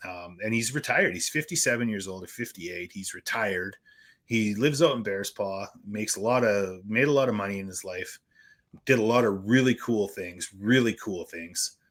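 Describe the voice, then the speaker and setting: A podcast host with a low, forceful voice. He speaks frankly and at length, piling up opinions in a loose, conversational ramble. The talk stays casual throughout. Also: normal speed. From Canada.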